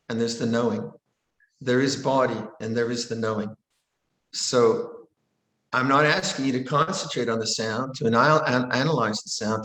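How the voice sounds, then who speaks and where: An older man, a Buddhist monk, giving a calm dharma talk and answering a question, often repeating and restarting his phrases. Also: medium pitch. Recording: roomy echo.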